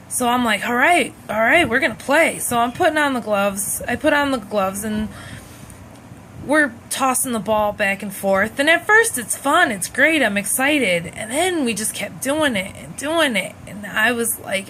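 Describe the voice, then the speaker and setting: A young adult woman telling a personal childhood story in a lively, animated way, acting out the dialogue as she goes. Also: on the high side, normal speed, a little hiss or hum, poor audio.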